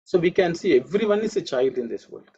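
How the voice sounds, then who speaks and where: A man teaching an online Sanskrit class, explaining chants slowly, repeating words and adding "okay" and "you know" often. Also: a little high, expressive, a little mellow, breathy edge, muffled recording.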